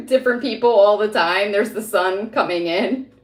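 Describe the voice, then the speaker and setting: This psychic reader's voice is mid-range, slow, and sing-song as she rambles through casual spiritual vlog talk. Fillers and frequent laughter run throughout, with a roomy echo around her.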